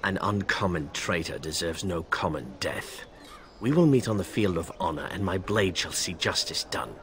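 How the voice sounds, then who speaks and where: A man's voice: sits low, normal speed, fairly bright tone. An actor playing a proud male knight in a video game, speaking in a formal, stiff, honor-bound manner. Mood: accusing. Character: proud, stern male knight seeking a duel.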